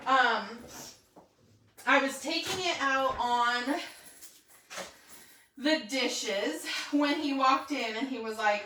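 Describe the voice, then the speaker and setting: A woman tells a personal story in casual, animated chat. Her voice is bright and sits a little high. She keeps checking in with her listeners. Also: slow pace, pauses often. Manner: chatty, animated, keeps asking "right?". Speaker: real estate agent.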